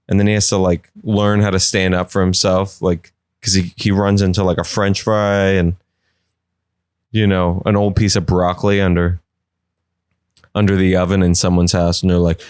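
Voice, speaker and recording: A man's voice: low-pitched, flat delivery, normal speed, darkish tone, clean tone, no echo, clean studio sound. A man hosting a podcast, riffing in a rambling, jokey way. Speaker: podcast host. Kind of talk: casual comedic riffing.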